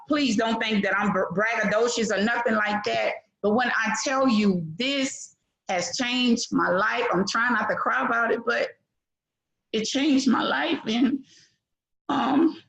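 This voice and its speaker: A woman's voice: on the high side, gravelly, fairly bright tone, poor audio. A middle-aged woman giving a heartfelt, preachy testimonial on an online call, full of fillers. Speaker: webinar participant giving a testimonial. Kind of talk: emotional testimonial.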